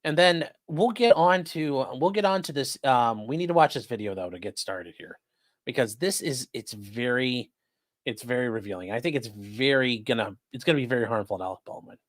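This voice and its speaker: Brief: male livestream host, sarcastic and rambling, dry close sound, mid-pitched. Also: expressive, fairly quick, no echo. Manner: sarcastic, rambling, talks to chat. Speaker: host of a live-streamed legal news show. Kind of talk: casual livestream commentary.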